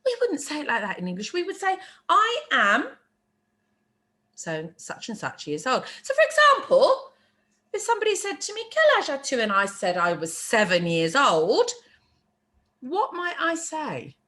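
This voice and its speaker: Woman language teacher, bright voice, lively pitch, patient and slow, repeats phrases, chatty asides. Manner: chatty asides and quick apologies. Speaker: French teacher. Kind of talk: teaching a beginner language lesson.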